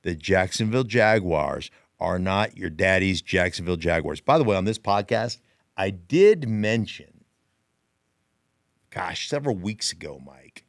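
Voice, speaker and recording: Animated man hosting a sports podcast. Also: low voice, unhurried, no echo, clean studio sound. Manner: animated storyteller, emphatic repetition. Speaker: podcast host, former player and analyst. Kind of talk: casual sports podcast chat.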